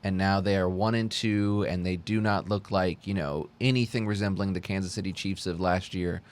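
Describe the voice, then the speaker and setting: A man's voice: low voice, normal speed. Laid-back young man hosting a podcast. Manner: relaxed, swears freely, many fillers. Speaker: podcast host. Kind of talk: casual sports chat.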